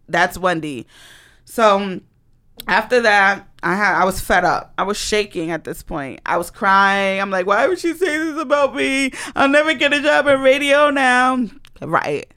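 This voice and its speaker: A woman telling a personal story in a casual monologue, animated and blunt, with dramatic emphasis and swearing. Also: mid-range voice.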